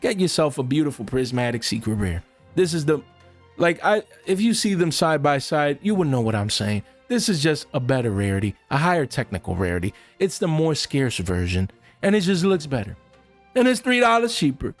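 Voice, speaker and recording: Animated slangy man, higher voice. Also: fairly quick, soft background music. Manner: animated, slangy, keeps adding "man" and "guys". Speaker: card market commentator. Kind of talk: casual market commentary to viewers.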